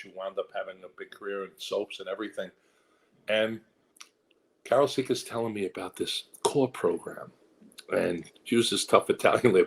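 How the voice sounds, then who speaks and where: A man's voice: fairly low pitch, rough recording. Older man with a New York accent. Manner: rambling anecdotes, acts out quoted voices. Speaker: actor guest. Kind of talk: casual interview storytelling.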